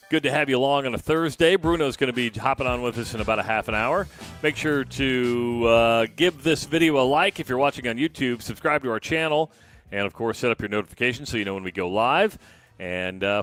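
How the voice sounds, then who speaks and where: A man's voice: mid-range voice, fairly bright tone, no echo. A man co-hosting a sports radio show, rambling in a self-deprecating way and restarting his sentences. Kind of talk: casual radio talk.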